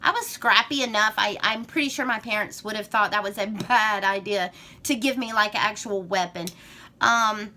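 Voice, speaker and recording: A woman's voice: mid-range voice, moderate pace, sharp tone. A woman with a Southern US accent chatting through a get-to-know-me tag vlog, rambling and gushing. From Georgia, US. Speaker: vlogger.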